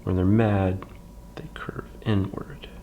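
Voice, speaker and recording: A man teaching a library drawing lesson step by step, calm and patient, with many fillers and soft half-whispers while he draws. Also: low voice, slow, narrow, tinny audio, a little hiss or hum.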